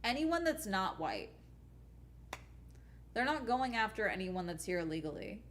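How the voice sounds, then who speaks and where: A woman's voice: mid-range voice, sing-song, measured pace, a bit bright, a little hiss or hum. A young adult woman YouTuber chatting casually on a live stream while gaming, ranting bluntly and swearing often.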